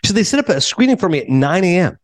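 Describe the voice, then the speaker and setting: A man who is a film critic and podcast host, telling a casual story and acting out the dialogue, then interviewing a guest. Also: high voice. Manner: animated, quick, acts out dialogue.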